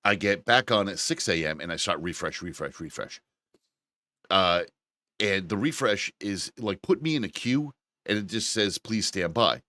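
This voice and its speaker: A man with a fairly low voice, talking casually on a podcast and telling an exasperated story that is peppered with profanity. His voice is close and dry, with no room sound at all. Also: expressive, normal speed, bright, forceful tone, dry recording. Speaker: podcast co-host. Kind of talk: casual chat.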